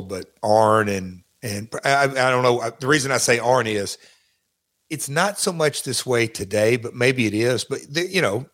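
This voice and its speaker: A man with a medium-pitched, slightly bright voice appears as an interview guest looking back on his wrestling career. He talks casually and rambles, restarting his sentences often.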